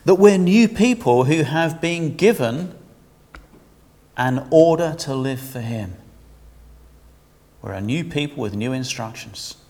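A man preaching a sermon in a lively, conversational way, asking his listeners questions. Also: a little high, takes it slowly, pauses often, big-room sound.

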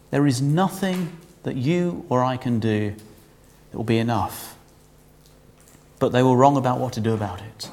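Preacher with a slightly higher voice. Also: male voice, a little mellow. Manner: conversational, humorous, asking the congregation questions. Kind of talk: sermon.

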